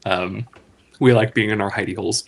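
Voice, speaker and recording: A man's voice: on the low side, steady tone, brisk, vocal fry. A man guesting on a podcast, a chatty storyteller who laughs often between phrases. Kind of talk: casual conversation.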